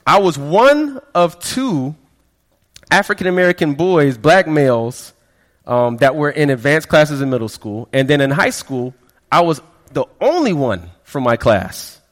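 A man giving a sermon testimony, telling his story in a conversational way, often stammering over repeated words. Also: mid-range voice. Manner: conversational storytelling, frequent stammered repeats, quotes people in quieter voices. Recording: long hall reverb.

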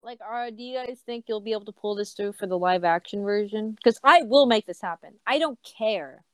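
A woman on a group video call, organizing the plans with a bossy, joking manner and quick laughs. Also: medium pitch, fairly bright tone, no room sound. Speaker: organizer of a group parody film. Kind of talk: casual chat on a group call.

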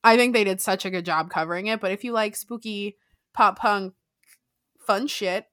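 A woman's voice: medium pitch, normal speed, no echo. A young woman co-hosting a podcast, chatting casually, laughing often and swearing freely. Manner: giggly, swears freely, lively. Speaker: podcast co-host. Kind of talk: casual chat.

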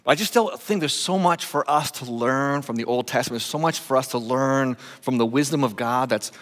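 A man preaches a sermon from a church sanctuary, chatty and light-hearted, with many "uh" fillers. His voice sits at a middle pitch. The sound carries a long reverb, as in a large hall. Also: normal speed. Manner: conversational and joking, with frequent uh fillers. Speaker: pastor.

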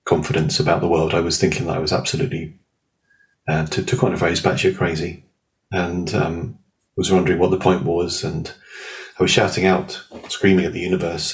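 A man guiding a slow, soothing meditation and telling stories in a lively, casual way. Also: sits low, low-quality recording. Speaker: guest, spiritual healer and teacher. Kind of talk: guided meditation and casual storytelling.

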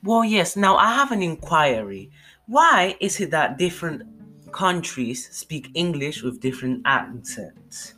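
A man's voice: a little high, very animated, measured pace, sharp tone, faint music behind. A man in a casual conversation who explains things and asks questions. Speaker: conversation partner.

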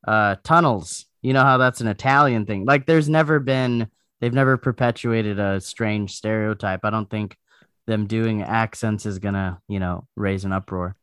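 A man's voice: lowish voice, normal speed, a bit bright, clean tone, no echo. Joking man with a dry sound. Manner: joking, rambling with restarts. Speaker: co-host. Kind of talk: casual panel chat.

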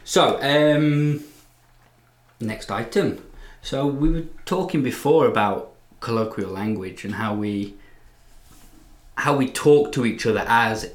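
Relaxed teacher in an echoey room. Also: male voice, mid-range voice, slow. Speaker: English teacher and podcast co-host. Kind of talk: casual chat.

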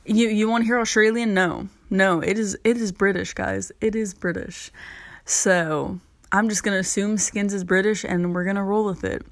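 A woman's voice: mid-range voice, fairly even intonation, moderate pace, no room sound. Rambling teen girl podcaster, dry close mic. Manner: rambling, heavy use of "like" fillers. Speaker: podcast host. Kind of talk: casual solo podcast chat.

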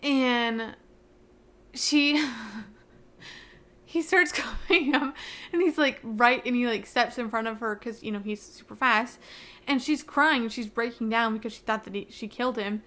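A young woman with a slightly high voice runs her own podcast and recaps a book she loves. She rambles and gushes, and nearly every sentence is stitched together with "like.". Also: a little slow, fairly bright tone. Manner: rambling, gushing, heavy use of "like". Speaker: podcast host.

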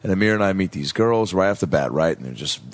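A man's voice: sits low, animated, fast talker. A man telling a shared bar story in a casual chat, adding asides and acting out quotes. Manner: laid-back, chimes in with asides. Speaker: comedian guest.

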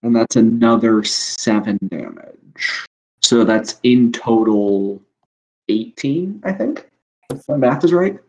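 A man's voice: medium pitch, expressive, slow, a little mellow. A man playing a tabletop game, casually calling out his dice rolls and damage. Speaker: player. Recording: dull lo-fi audio.

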